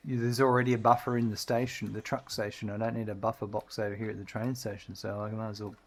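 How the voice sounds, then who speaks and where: A middle-aged man giving relaxed, chatty commentary while streaming a game. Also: fairly low pitch, quick pace, slight background noise. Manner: relaxed, chatty, talks to his dog in a sing-song voice. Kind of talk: casual gameplay commentary.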